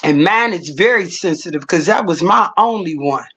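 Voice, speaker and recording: A woman's voice: on the low side, lively intonation, moderate pace, fairly bright tone, husky. A middle-aged woman livestreaming, telling stories in a blunt, profane, casual rant.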